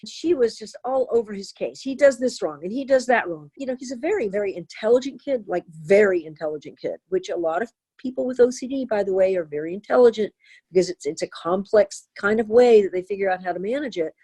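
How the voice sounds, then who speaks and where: Older female therapist, interview guest, earnest storyteller, mid-pitched. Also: fast, slightly rough. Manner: earnest, animated storytelling with acted quotes. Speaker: therapist and author.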